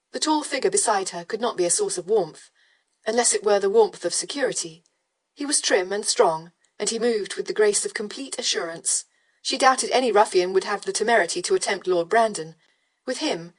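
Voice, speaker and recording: A woman reads a historical romance in a steady, measured narrating voice. Her pitch sits in an ordinary middle range, and she paces the prose evenly. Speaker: audiobook narrator. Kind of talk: scripted narration.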